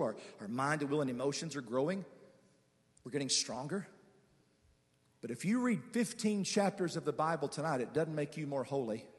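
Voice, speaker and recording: A man preaching a guest sermon, calling on the congregation to respond, moving between quiet conversational asides and shouted, drawn-out declarations. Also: fairly high pitch. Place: large church sanctuary with reverb. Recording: long church hall reverb.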